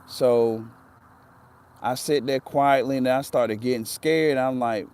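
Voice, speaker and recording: A man's voice: mid-range voice, steady tone, slow pace, a little mellow, clean tone. A man telling a personal story in a casual, earnest way, often repeating himself for emphasis.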